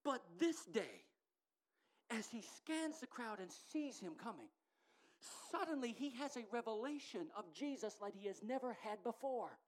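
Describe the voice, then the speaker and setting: A middle-aged woman preaching a sermon in an animated, emphatic way that builds to loud declarations. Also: a little high, normal speed.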